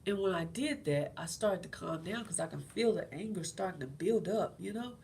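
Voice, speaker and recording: Gravelly-voiced woman giving casual faith talk. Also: on the low side, expressive, normal speed, a little mellow, slight background noise. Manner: conversational and encouraging, repeats phrases. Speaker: host.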